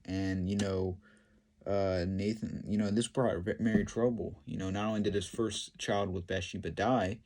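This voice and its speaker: A man retelling a Bible story and commenting on it, in a halting, filler-heavy way. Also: deep voice, steady tone, darkish tone. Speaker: Bible teacher.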